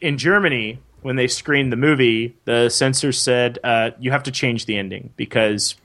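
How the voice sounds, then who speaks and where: A man's voice: medium pitch, normal speed, a bit bright. A man hosting a casual film podcast, enthusiastic and asking his co-hosts questions. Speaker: podcast host.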